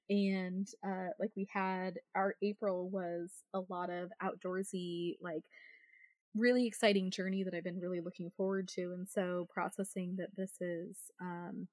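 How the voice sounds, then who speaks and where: A woman's voice: fairly low pitch, flat delivery, unhurried, a little mellow, no room sound. A woman who is a podcast guest, chatting casually with lots of fillers and frequent laughter, poking fun at herself. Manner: self-deprecating, laughs often, talks with many fillers.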